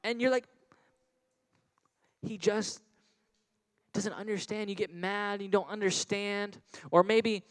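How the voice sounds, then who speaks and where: A man preaching a children's sermon, animated and repetitive, calling out questions for kids to answer. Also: high-pitched, poor audio. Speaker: children's pastor.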